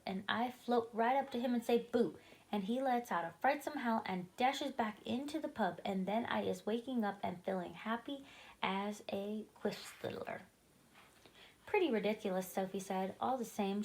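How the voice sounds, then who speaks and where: A woman's voice: fairly high pitch, low-quality recording. Woman reading a children's book aloud. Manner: expressive, animated read-aloud. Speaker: storyteller.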